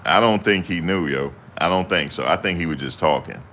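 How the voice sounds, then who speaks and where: A man's voice: low voice, fairly quick, a bit bright, slight background noise. A young man chatting casually to camera in loose, slangy banter, often laughing. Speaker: vlogger.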